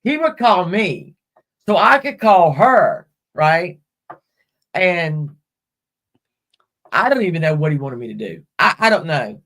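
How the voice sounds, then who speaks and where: A woman's voice: lowish voice, very animated, slow, pauses often, a bit bright. A middle-aged woman hosting a live stream, telling rambling personal stories bluntly and with plenty of swearing. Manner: blunt and profane, rambling with restarts. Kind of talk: casual personal storytelling.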